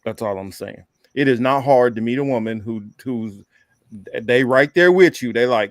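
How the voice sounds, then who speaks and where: A man's voice: mid-range voice, moderate pace, no room sound, studio quality. A man hosting a podcast, telling laid-back stories and acting out the other people's lines. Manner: laid-back storytelling, acting out quoted exchanges. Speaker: podcast host. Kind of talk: casual chat.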